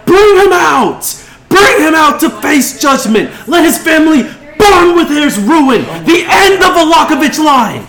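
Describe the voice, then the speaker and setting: A man voicing a fiery woman rebel leader who rouses a mob with a shouted, rallying speech. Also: extremely high pitch, big pitch swings, unhurried, pitched above the performer's own voice, heavily acted. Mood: furious. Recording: roomy room with crowd chatter.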